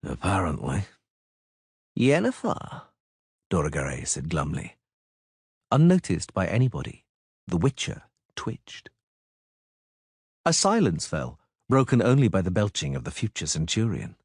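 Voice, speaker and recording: Male audiobook narrator, lowish husky voice, very lively reading. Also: moderate pace, pauses often, dry recording, studio quality. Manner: expressive reader voicing all characters. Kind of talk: scripted narration.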